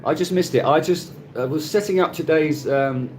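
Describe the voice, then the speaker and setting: This middle-aged man's voice is a little high and darkish in tone, at normal speed, with slight background noise. He's in Cebu, Philippines, casually streaming from his phone, chatting, greeting viewers by name, and often laughing.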